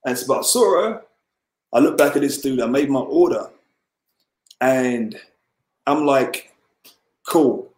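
A man's voice: mid-range voice, expressive, measured pace, pauses often, darkish tone. A man casually telling a long personal story as a podcast guest, rambling, with lots of fillers and restarts. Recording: roomy echo.

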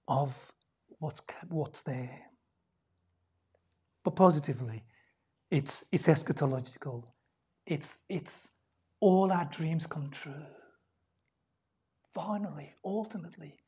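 A woman with a lowish, husky voice preaches a sermon in a church. Her delivery is dynamic and conversational, full of rhetorical questions, with loud emphatic stretches that drop to hushed near-whispers.

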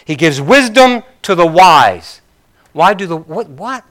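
A man's voice: high voice, very animated, takes it slowly, a bit bright. A male pastor preaching a sermon in a conversational way, with joking, apologetic asides to his congregation.

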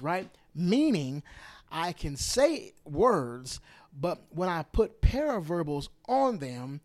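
A man delivers a podcast monologue in a fairly high, very animated voice. He hammers his points home by repeating phrases, now loud, now hushed. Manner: emphatic, repeats phrases for stress, swings between loud and hushed. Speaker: podcast host. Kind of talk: opinionated political monologue.

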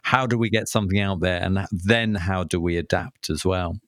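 Hesitant low-voiced man, dry sound. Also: moderate pace, fairly bright tone, no echo. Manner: hesitant, many fillers and restarts. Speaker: podcast co-host. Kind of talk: casual conversational chat.

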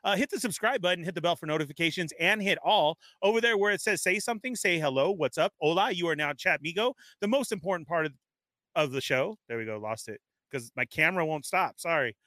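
A man hosting a live toy-collecting stream from home, casually rambling and giving upbeat shout-outs to viewers. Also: fairly high pitch, expressive, fast talker, no room sound. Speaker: host. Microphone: webcam setup at home.

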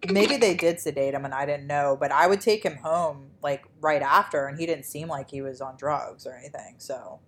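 A woman's voice: sits low, moderate pace, few pauses. A woman hosting a podcast, telling rambling anecdotes in casual chat, full of "like" and "um". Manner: rambling anecdotes, heavy "like" and "um" fillers. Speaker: podcast host.

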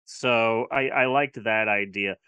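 A high-pitched man talks through bad films in a casual, sarcastic way, swearing as he goes. The recording is dry and close, with no room sound. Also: animated, measured pace, fairly bright tone, no room sound, muffled recording. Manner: sarcastic, profane. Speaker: podcast co-host reviewing films. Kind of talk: casual chat.

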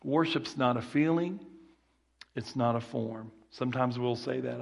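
A man preaches with a Southern country accent and a gravelly, creaky voice. He keeps it folksy, repeats his key phrases and often starts a sentence over. His pitch sits in the middle for a man. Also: measured pace. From rural Texas. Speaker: guest preacher. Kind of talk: sermon.

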